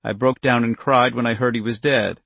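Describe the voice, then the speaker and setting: A man voicing an older male government chief who answers in a flat, obedient way and turns whiny under pressure. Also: mid-range voice, moderate pace, vocal fry, no room sound, highs cut off. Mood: dazed.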